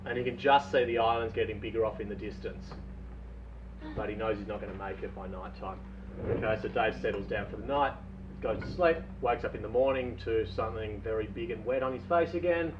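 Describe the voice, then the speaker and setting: A man casually telling a long shaggy-dog joke, playful and drawn-out, heard from a distance in a dull recording. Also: mid-range voice, noisy background. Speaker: storyteller.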